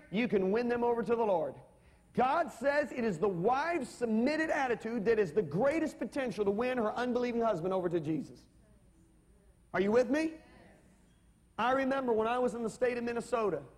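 A man preaching a sermon, emphatic and calling on the congregation for amens. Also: extremely high pitch. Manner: emphatic, calls for amens and audience responses. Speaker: pastor. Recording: long reverb of a large hall.

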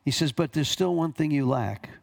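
A male pastor delivers a sermon in a slightly higher-than-usual voice. He reads scripture passages aloud and pauses to comment, repeating key phrases for emphasis. His pitch jumps on quoted lines. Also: animated, creaky.

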